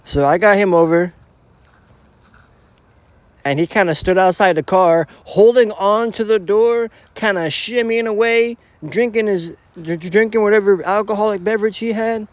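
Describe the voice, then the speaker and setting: A man's voice: high voice, moderate pace, no room sound. Slangy young man telling a storytime. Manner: rambling, slangy, profane, full of restarts. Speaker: storytelling vlogger. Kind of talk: casual storytime monologue.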